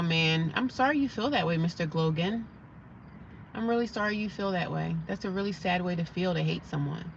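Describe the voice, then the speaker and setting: A woman's voice: fairly low pitch, creaky, a bit bright. A young woman chatting casually on a livestream, reading viewers' comments aloud and answering them. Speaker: livestream host. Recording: slightly dull lo-fi sound with faint background noise.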